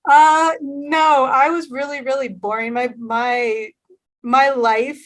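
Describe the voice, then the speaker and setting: A Texan woman chats easily on a film talk show, her voice a touch high. She is friendly and laughs easily. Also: fairly even intonation, takes it slowly. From Dallas, Texas. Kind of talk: casual chat.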